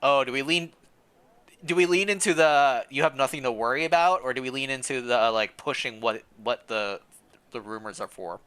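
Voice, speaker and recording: A man's voice: mid-range voice, normal speed, pushed and bright, smooth. A man streamer reading a story game aloud with playful commentary, laughing often between the lines.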